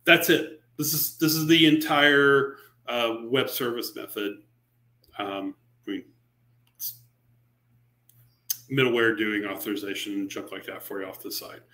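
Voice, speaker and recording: A man presenting a software library at a virtual user group meetup, talking casually with fillers, restarts and sarcastic asides. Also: medium pitch, steady tone, measured pace, pauses often. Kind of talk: technical presentation on a live stream. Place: remote meetup talk over a video call.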